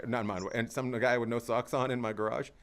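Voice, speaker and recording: A man's voice: mid-range voice, steady tone, racing, fairly bright tone. A man hosting a casual comedy podcast with a Canadian accent, rambling, restarting his sentences and laughing often. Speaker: podcast host.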